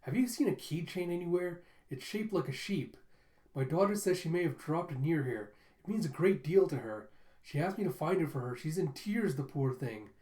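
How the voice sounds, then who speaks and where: A man's voice: fairly high pitch, lively intonation, normal speed, mellow, natural voice. A man putting on a gushing polite dad. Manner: polite, gushing, over-thankful. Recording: roomy echo.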